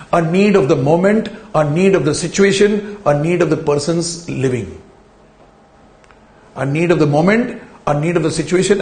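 A man's voice: a little high, a little mellow, echoey room. A man giving a recorded lecture in a studio, stressing key words and repeating phrases for his students.

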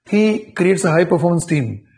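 A man delivers a corporate training lecture, his voice sitting a little high and carrying a gravelly rasp. He checks in with his listeners through rhetorical questions and often restarts his phrases. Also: big pitch swings, moderate pace, darkish tone.

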